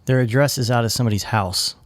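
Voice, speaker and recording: A man's voice: mid-range voice, fast, no room sound. A man co-hosting a podcast, chatting casually and joking with frequent restarts. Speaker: podcast co-host. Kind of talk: casual chat.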